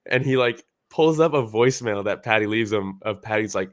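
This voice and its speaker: A man's voice: on the low side, a little fast, a bit bright, dry recording, studio quality. A man co-hosting a podcast, chatting casually about a fight in a rambling way, full of fillers. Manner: rambling, full of "like" fillers, laughs while retelling. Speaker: podcast co-host. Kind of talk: casual fight analysis chat.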